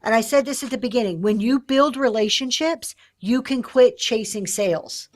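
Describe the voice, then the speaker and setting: A woman hosting a livestream, teaching sellers in a lively way and acting out the lines she quotes. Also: a little high, moderate pace. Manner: lively, acts out quoted sales talk. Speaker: live-selling host.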